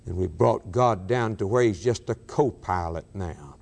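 A man preaching a sermon, swinging from raised declarations to hushed, drawn-out lines. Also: sits low, creaky. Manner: dramatic preaching with sudden swings from loud to hushed.

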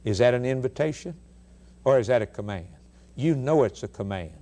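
Brisk and lively in intonation, this medium-pitched male preacher speaks on the radio with emphasis. He throws out rhetorical questions and shifts from booming statements to quiet lines.

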